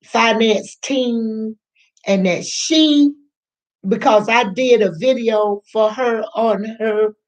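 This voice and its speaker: An older woman, a grandmother, telling a personal story in a chatty, rambling way, repeating herself and acting out what others said. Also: a little high. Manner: slow, chatty, repeats herself, acts out quoted voices. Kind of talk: casual storytelling to camera.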